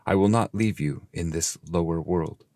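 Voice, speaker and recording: A man reading the lines of a weary old male poet guide, speaking in earnest, measured verse. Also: deep voice, dark tone, dry recording, studio quality. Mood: reassuring.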